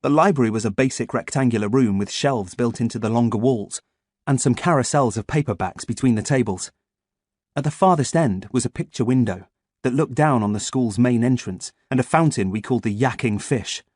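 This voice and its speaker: A man reading an audiobook as first-person scripted narration, in a lively, expressive way. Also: mid-range voice, a little fast, dry recording, studio quality.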